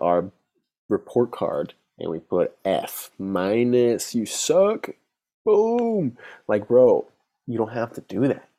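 A man with a very low voice and a gravelly edge to it hosts a solo podcast. He talks off the cuff in a frank, rambling way, restarting his sentences often and swearing now and then. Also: mellow. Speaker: podcast host. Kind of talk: unscripted solo podcast monologue.

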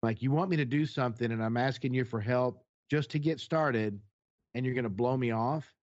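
A man's voice: mid-range voice, brisk, darkish tone. A man telling a heated personal story in casual conversation, blunt and profane as he recounts what happened. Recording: dull lo-fi sound.

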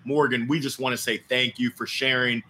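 A man's voice: medium pitch, little pitch movement, brisk, sharp tone, slight background noise. A man hosting a live interview show, thanking his guest with enthusiastic, effusive praise and catchphrases. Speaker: podcast host.

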